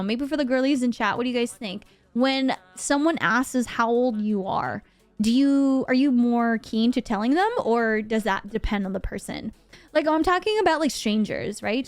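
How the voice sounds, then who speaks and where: A woman from Bahrain, over twenty-five, chatting animatedly to her live stream audience and acting out the voices in her story. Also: on the high side. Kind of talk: casual storytelling to a live chat.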